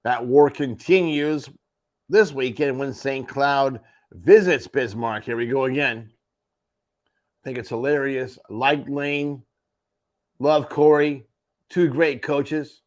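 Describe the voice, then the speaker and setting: A man's voice: mid-range voice, steady tone, slow, long pauses. A man hosting a morning sports show, running through junior hockey standings with wry offhand asides. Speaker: host. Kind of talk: sports radio rundown.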